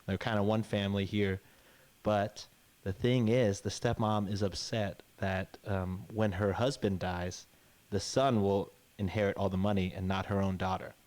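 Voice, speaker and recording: This podcast co-host tells a grim fairy tale in a relaxed, rambling chat, cursing and voicing the characters' lines himself. His voice is on the low side and a little mellow, with a flat delivery at normal speed.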